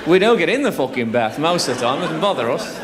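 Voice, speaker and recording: A man's voice: a little high, very animated, fast talker, crowd noise. A man with a Birmingham accent doing live stand-up in a theatre, chatty and bawdy, bantering with the front row. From West Midlands, England. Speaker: stand-up comedian. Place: theatre stage before a live audience. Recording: live theatre with loud audience laughter.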